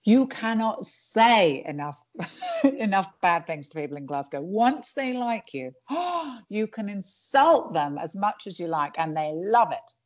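A woman's voice: mid-range voice, huge pitch swings, unhurried. A woman stand-up comedian chatting in an interview, digressive and full of restarts. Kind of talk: casual interview chat.

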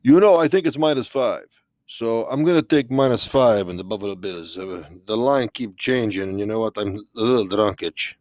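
A man's voice: fairly low pitch, animated, moderate pace, darkish tone, no room sound, clean studio sound, pitched below the performer's own voice, close to an everyday voice. A man voicing a tipsy, rambling male vampire count who slurs and jokes about his football bets. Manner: slurred, rambling, drunk-sounding.

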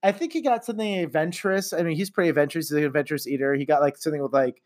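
A middle-aged man chatting casually on a podcast, animated and quick to laugh, with some swearing. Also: a little high. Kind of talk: casual chat.

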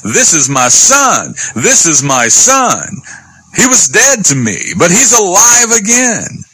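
Man playing a happy old dad shouting for his son, bright, slightly husky. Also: mid-range voice, animated, takes it slowly, no echo, full character voice, rough recording. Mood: joyful. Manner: exultant, proclaiming. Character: joyful old father welcoming his lost son.

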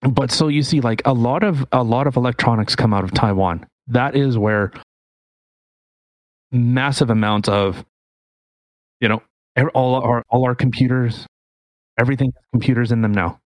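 A man's voice: mid-range voice, normal speed, pauses often, no echo. A man co-hosting a casual podcast, explaining news articles in an opinionated way. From Canada. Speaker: podcast co-host.

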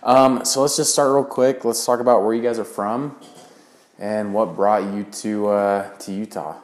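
Male podcast host, low voice, relaxed and filler-heavy, echoey room. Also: normal speed. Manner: easygoing, frequent fillers. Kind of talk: casual interview chat. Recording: roomy echo.

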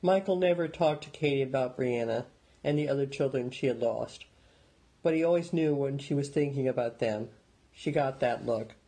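A man narrating an audiobook in a steady, measured storytelling manner. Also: medium pitch, husky, poor audio.

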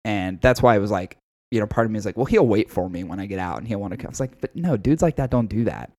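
A man co-hosting a podcast, telling a story in casual, profane, animated chat. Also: on the low side, quick pace, no room sound, clean studio sound. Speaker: podcast co-host.

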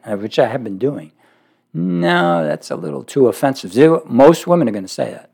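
A man preaching a sermon, speaking emphatically with sudden rises and low drops. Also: sing-song, normal speed, gravelly. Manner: emphatic, rising to forceful peaks then dropping low.

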